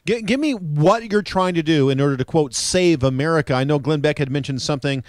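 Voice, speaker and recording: A man's voice: a little high, brisk, darkish tone, no echo. A man hosting a radio interview, asking probing questions in a conversational way into a studio microphone. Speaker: radio talk host.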